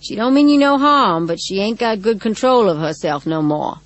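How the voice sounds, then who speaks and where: A woman's voice: mid-range voice, animated, normal speed, no echo, lightly acted, poor audio. A woman voicing a plain-spoken country woman in blunt, folksy dialect. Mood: reassuring.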